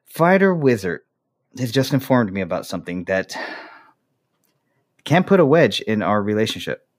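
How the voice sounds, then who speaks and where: A man's voice: lowish voice, sing-song, normal speed. A man hosting a casual podcast chat, ranting with profanity and laughing often. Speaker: podcast host.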